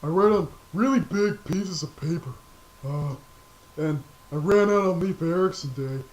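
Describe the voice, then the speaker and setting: A man's voice: high-pitched, a little mellow, rough recording. Man doing Patrick the dopey starfish. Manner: slow, dopey rambling. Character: dim-witted, good-natured cartoon male starfish.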